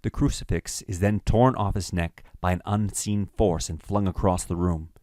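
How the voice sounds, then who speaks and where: A man narrating a screenplay's stage directions in a measured, matter-of-fact way. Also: low-pitched, steady tone, a little mellow, no echo, clean studio sound.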